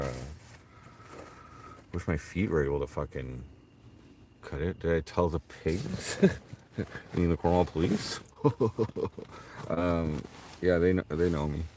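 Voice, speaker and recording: A man's voice: low voice, darkish tone, a little hiss or hum. A man streaming casually from a tent, mumbling, swearing and talking to himself as he reads out chat. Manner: mumbling, swearing, talks to himself while searching.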